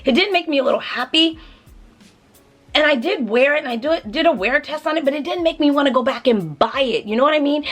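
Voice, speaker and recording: A talkative woman vlogger reviewing perfume, her voice sitting a little higher than most. She chats straight to the viewers and fills the review with casual asides. Now and then she plays out both sides of a remembered conversation. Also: a bit bright. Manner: chatty, addresses viewers directly, lots of asides. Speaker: beauty vlogger reviewing fragrances. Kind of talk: chatty story-time product review.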